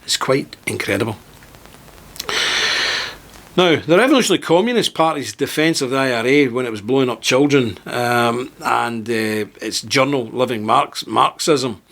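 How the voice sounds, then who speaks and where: A man's voice: moderate pace, vocal fry, a bit bright. A man hosting his own video channel, giving a heated, emphatic monologue to camera and reading part of it from a script. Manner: emphatic, indignant, with sudden rises in pitch; partly reading aloud from a script. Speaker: political video host.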